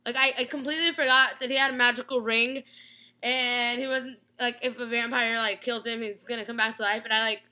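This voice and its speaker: A young woman ranting excitedly about a TV episode in a casual vlog, gushing and stumbling over her words with lots of "like". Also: on the high side, fairly quick. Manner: gushing, breathless, lots of "like" and restarts. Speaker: vlogger reviewing a TV episode.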